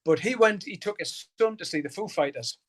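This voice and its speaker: A man's voice: sits high, lively intonation, brisk, breathy edge. Swearing Geordie man telling rambling stories. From Newcastle, England. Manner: rambling storyteller, heavy swearing, frequent laughter, many restarts. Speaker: guest musician. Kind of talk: casual interview chat.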